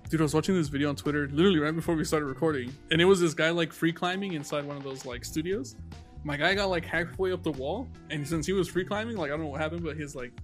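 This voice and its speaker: A man's voice: on the high side, fast talker, faint music behind. A young man co-hosting a casual podcast, tired from little sleep, teasing his friends and swearing as he rambles through stories. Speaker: podcast co-host. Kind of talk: casual chat.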